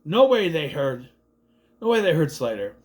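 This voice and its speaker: A young adult man casually recapping and reviewing a movie, rambling and jumping into quick impressions of the characters. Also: fairly high pitch, sing-song.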